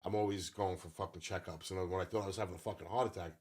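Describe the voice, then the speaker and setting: Husky-voiced man in his fifties, cursing. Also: low-pitched, steady tone, very fast, a little mellow. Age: 50s. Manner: profane, rambling storyteller. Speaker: podcast co-host. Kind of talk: casual chat.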